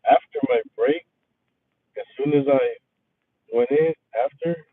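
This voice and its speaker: A man telling a casual, profane story about his workday, venting with animated energy. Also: fairly high pitch, slow pace, no echo. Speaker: resort maintenance worker chatting with viewers. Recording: tinny phone-like, dry sound.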